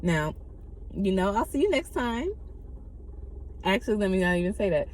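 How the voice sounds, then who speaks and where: Lively woman vlogger, faint street noise. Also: mid-range voice, moderate pace. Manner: animated, laughing often, speaks like a close friend. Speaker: faith and self-growth coach. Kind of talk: casual vlog talk to camera.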